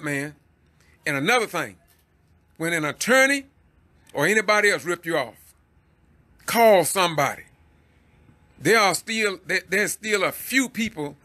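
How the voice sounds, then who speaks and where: Hosting citizen news commentary on Facebook Live, this Southern-accented Georgia man exhorts his audience in a preachy way and laughs out of exasperation. His voice is on the high side with a sharp tone.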